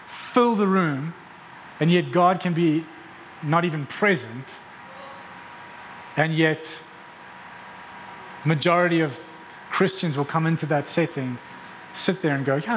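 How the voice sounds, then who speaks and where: This sermon comes from a man whose voice sits fairly high; he presses his case through rhetorical questions and frequent quick restarts. A long reverb carries his voice through the big church hall, with a faint ambience and a little background noise underneath.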